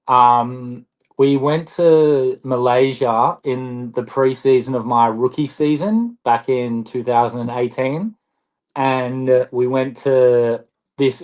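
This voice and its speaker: This is a young man, a basketball player guesting on a podcast. He tells his stories in a chatty, rambling way, with restarts and lots of "like". His voice sits in a medium pitch range. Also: poor audio. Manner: chatty, rambling, animated storyteller. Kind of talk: casual podcast storytelling.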